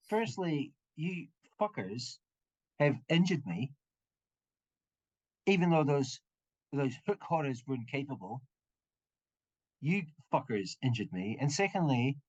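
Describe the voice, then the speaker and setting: A man's voice: on the low side, steady tone, slow pace, lo-fi sound. Man doing a snarling foul-mouthed adventurer. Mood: indignant. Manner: snarling, insulting, whining.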